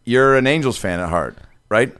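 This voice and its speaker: A man trading jokes as a podcast co-host, his voice swinging high and low as he riffs. He talks in loose, animated banter and slips into quick impressions. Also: clean tone. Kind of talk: casual comedic banter.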